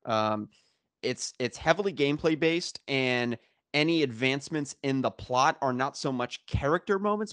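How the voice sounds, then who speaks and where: A man's voice: mid-range voice, dry recording, studio quality. A man co-hosting a casual talk show, rambling with frequent restarts and sarcastic asides. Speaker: podcast co-host. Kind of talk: casual discussion.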